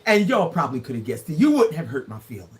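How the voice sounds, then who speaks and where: Give me a lively, playful woman in her sixties hosting a livestream. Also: low-pitched, quick pace. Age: 60s. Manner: playful, laughing, teasing viewers. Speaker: livestream host. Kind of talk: casual livestream chat. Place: indoors, live from Grenada.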